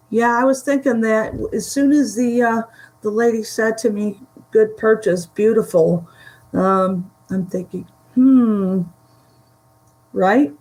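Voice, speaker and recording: A woman chatting casually through a vintage haul, halting and giggly, her voice starting to go from a dry throat. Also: fairly high pitch, darkish tone, poor audio. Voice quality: gravelly, slow and halting. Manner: chatty, giggly, trails off mid-sentence. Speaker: vintage reseller showing a haul. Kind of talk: casual chat to a live audience.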